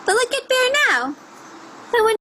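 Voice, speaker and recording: A teacher reading a picture book aloud to children, expressive and asking them questions. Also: female voice, very high-pitched, moderate pace, slight background noise, rough recording. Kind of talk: read-aloud storytelling for children.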